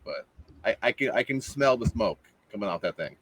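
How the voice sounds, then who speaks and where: A man playing his character in a tabletop game, friendly and halting with repeated restarts. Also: fairly low pitch, expressive, a bit bright, a little hiss or hum. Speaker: player. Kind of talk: in-character tabletop role-play.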